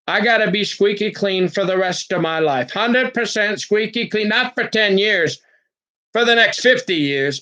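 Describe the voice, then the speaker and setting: A man's voice: high voice, sharp tone. A man talking in a rambling personal monologue, earnest and agitated, stumbling over his words and restarting often. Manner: earnest and agitated, jumps between topics.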